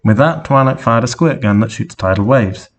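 A man reading an absurd fan story aloud with deadpan narration. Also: mid-range voice, moderate pace. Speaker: story reader.

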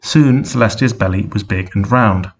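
A man narrating a story in a flat, deadpan reading. His voice is low and husky, with a gravelly rasp. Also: moderate pace. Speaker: reader.

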